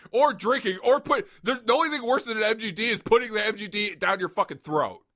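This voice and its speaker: A man's voice: sits high, a little fast, fairly bright tone. A man hosting a podcast in casual banter, ranting with plenty of swearing and frequent laughter. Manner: profane, ranting, laughs often. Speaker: podcast host.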